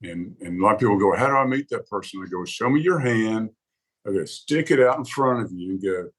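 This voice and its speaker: In a low-quality recording, a man with a lowish, husky voice talks briskly as a guest on a podcast, where he advocates for songwriters. The interview conversation is casual, and he tells stories with animation, performing the reactions of the people he quotes.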